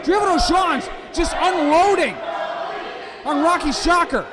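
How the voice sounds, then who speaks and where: A man calling a wrestling match live, excitable and often shouting. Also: very high-pitched, a little slow. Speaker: wrestling commentator. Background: loud crowd and music.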